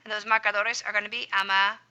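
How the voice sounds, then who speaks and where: Bright upbeat woman teaching a lesson. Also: little pitch movement, rapid-fire, clear, resonant tone, muffled recording. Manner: upbeat, encouraging, with sound effects like boom and boop. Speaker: Spanish teacher. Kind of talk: screen-recorded grammar lesson.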